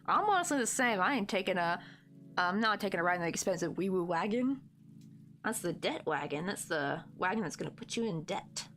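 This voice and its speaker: Lively chatty American woman host. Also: fairly low pitch, a little fast. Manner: rambling, chatty, laughing often, animated. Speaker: crochet livestream host. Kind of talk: casual chat reading viewer comments aloud.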